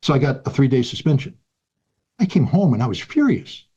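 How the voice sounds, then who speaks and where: A man's voice: mid-range voice, big pitch swings, brisk, mellow, breathy edge, dull audio. A man in his sixties in an interview, telling a personal story in an earnest, emphatic way and repeating key phrases. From United States. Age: 60s. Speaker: guest.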